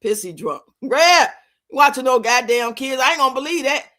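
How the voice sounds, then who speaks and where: High, bright-voiced woman ranting bluntly. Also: animated, moderate pace. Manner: blunt, profane, rants and scolds with lots of swearing. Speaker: streamer and commentator. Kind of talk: casual live-stream commentary. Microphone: streaming mic.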